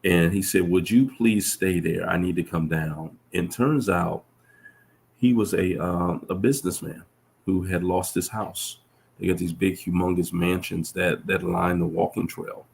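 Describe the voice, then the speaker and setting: A man's voice: steady tone, a little slow, a little mellow. A man, a professor, telling reflective stories in a casual conversation, earnest and full of restarts. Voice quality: deep gravelly voice. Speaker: professor, guest.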